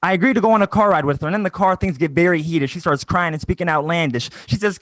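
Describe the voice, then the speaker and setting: A man's voice: a little high, fast talker, a bit bright, dry recording. A young man doing a self-mocking stand-up set over a video call, with a punchy delivery. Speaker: stand-up comedian.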